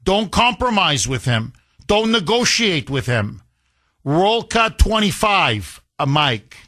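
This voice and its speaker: A man's voice: high voice, very animated, bright, forceful tone, dry recording. A man hosting a political talk radio show, delivering combative, sarcastic commentary straight into a studio mic. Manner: combative, sarcastic, rapid-fire.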